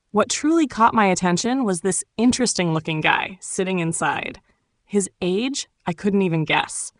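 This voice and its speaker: A woman from Turkey, narrating her own memoir audiobook in a calm, reflective storytelling manner. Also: fairly low pitch, no echo.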